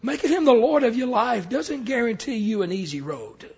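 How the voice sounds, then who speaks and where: Pastor, male, very high voice, storytelling sermon that swells to shouting, muffled lo-fi recording. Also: lively intonation, moderate pace, breathy edge. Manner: storytelling preacher, repeats words, builds to shouts.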